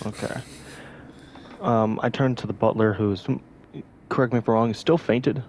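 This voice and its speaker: A man playing a tabletop game, speaking in a measured, formal way. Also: fairly low pitch, fairly even intonation, a little mellow, slight background noise. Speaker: player.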